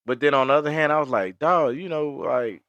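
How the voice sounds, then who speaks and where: A young adult man co-hosting a podcast in casual chat, telling stories, often laughing and jumping up high to quote other people. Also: fairly quick, no room sound, highs cut off. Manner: animated storyteller, acts out high-pitched quotes, laughs often. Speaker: podcast co-host.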